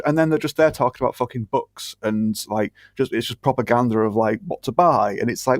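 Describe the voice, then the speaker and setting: A man's voice: medium pitch, fairly quick, dry recording. A British man co-hosting a podcast, chatting casually in a blunt, sweary, sarcastic way. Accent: British English. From Britain. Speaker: podcast co-host. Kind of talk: casual chat.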